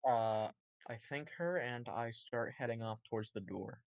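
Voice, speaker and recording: A man's voice: mid-range voice, unhurried, vocal fry, dull audio, slight background noise. A man playing a tabletop game, stating his actions in a blunt, matter-of-fact way. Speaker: player. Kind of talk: tabletop play.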